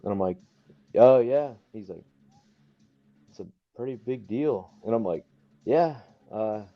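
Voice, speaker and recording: A young man, a wrestler guest, telling stories casually and animatedly, laughing often and acting out others' lines in a high voice. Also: lively intonation, a little slow, no echo. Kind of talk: casual storytelling. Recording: dull lo-fi podcast audio.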